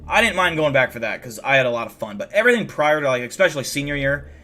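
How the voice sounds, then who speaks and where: A fast, bright, forceful man's voice with lively intonation and medium pitch. The young livestreamer is nonetheless tired and yawning, casually answering viewer messages in rambling, profane bursts full of restarts.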